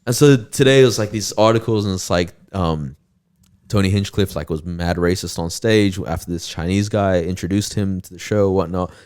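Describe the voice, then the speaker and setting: A man in casual podcast chat with a lowish voice, telling a story with lots of energy. He fills his talk with "bro" and "like" and keeps the conversation loose and lively. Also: normal speed, clear, resonant tone. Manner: animated storyteller, says "bro" and "like" a lot. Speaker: podcast co-host.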